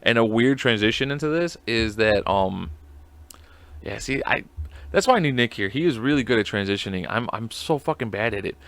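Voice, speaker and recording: A man hosts a solo podcast, chatting casually in a rambling, profane, self-mocking style. His mid-range voice is animated and a bit bright, at a moderate pace, recorded with no room sound.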